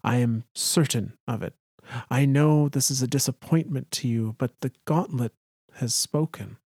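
A man voicing a young female alien who speaks in a halting, emotional way. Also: medium pitch, darkish tone, husky, dry recording, studio quality, natural voice. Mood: resolute.

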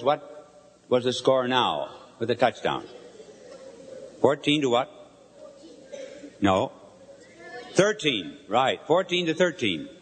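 An older man, a bishop, preaching a sermon to a live audience, telling a story with lively questions to the crowd. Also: mid-range voice. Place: large hall before a live audience. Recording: long hall reverb.

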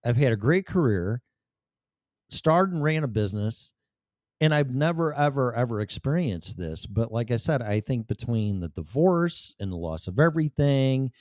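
A man's voice: mid-range voice, very animated, normal speed, a little mellow, no room sound, studio quality. A middle-aged man talking candidly to the camera in a blunt, rambling, profane way. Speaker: vlogger. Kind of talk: candid personal monologue.

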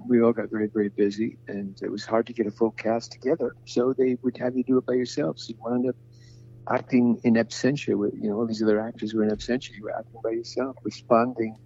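An older man with a mid-range, warm voice that's gravelly and husky tells long, wandering stories in an interview. He's a voice actor guest who acts out the voices he quotes, and the recording has a dull lo-fi sound.

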